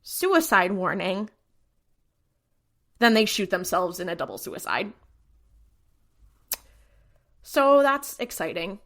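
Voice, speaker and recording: A woman co-hosting a podcast, retelling episodes in casual chat and acting out quick character voices. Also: medium pitch, sing-song, a bit bright. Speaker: podcast co-host.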